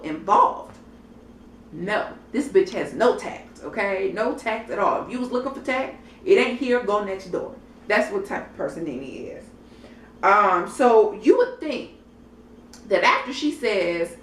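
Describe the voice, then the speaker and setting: A woman's voice: medium pitch, far from the mic. Young adult woman, blunt sassy vlogger, casual profane chat, off-mic, faint noise. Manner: sassy, blunt, profane, chatty, addresses viewers directly. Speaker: TV reality show reviewer. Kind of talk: casual vlog commentary. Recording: roomy echo, off-mic, faint background noise.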